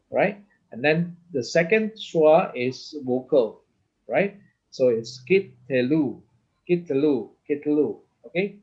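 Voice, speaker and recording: A man with a mid-pitched voice teaches a lesson, checking in constantly with "okay?" and "right?". He restarts his sentences often as he explains each step. The recording sounds slightly dull and lo-fi. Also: darkish tone, husky. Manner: halting, many restarts, keeps asking okay. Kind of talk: lesson explaining Hebrew vowel points.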